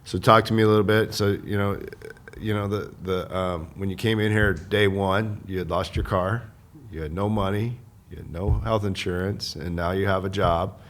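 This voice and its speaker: A man's voice: low voice, fairly even intonation, normal speed. A man hosting a casual interview, easygoing and prompting his guest with questions and short affirmations. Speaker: interview host.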